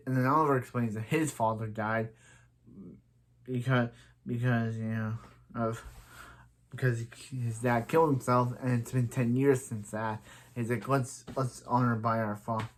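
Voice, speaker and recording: A man casually recapping a TV episode, rambling with many restarts and now and then quoting characters in a higher voice. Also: steady tone, measured pace, pauses often. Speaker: show reviewer.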